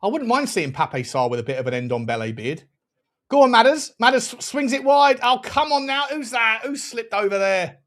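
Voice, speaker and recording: Excitable high-voiced man. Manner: animated, excitable, quick to laugh, swears. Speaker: fan channel host. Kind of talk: live match watchalong chat.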